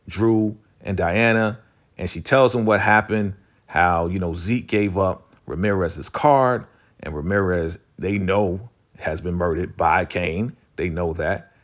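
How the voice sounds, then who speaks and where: A man giving a casual recap of a TV episode, animated and slangy, full of "you know" and "like". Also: low-pitched, measured pace. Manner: animated, slangy storytelling, acts out quoted lines; frequent "you know" and "like" fillers.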